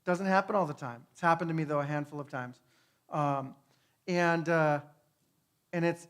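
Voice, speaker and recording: Male speaker, fairly high pitch, earnest, casual sermon, drops to a hush then surges with passion. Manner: earnest, swings between hushed and fervent; tag questions, fillers. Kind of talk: conversational testimony sermon.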